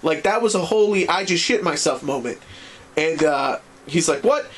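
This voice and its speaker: A man recapping an anime series in a casual video review, rambling and excitable and swearing freely. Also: a little high, moderate pace, a little hiss or hum.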